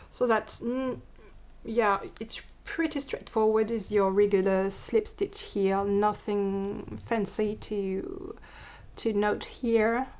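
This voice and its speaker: A woman's voice: medium pitch, a little mellow. A woman with a French accent, a native French speaker, hosting a knitting podcast in a casual, chatty way and often restarting words and correcting herself. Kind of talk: casual chat.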